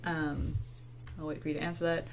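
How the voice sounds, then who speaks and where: A woman with a slightly low voice, from western Canada, chatting easily while she draws on a stream. She tells stories in a relaxed way and swears casually. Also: fairly quick, creaky, background noise. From Pacific Northwest of Canada. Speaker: co-host of an art stream. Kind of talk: casual chat while drawing.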